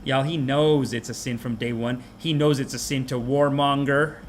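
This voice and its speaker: A man hosting a podcast, delivering a comic rant of a movie review in an animated, mocking way. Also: medium pitch, slight background noise. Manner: animated, mocking, puts on quick character voices. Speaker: podcast host.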